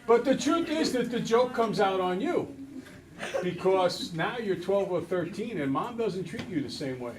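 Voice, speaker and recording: A man's voice: high-pitched, a little slow, recorded from a distance, crowd noise, rough recording. A man teaching a math class, talking to students and acting out little scenes as he goes. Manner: animated storyteller, acts out voices. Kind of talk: classroom lecture.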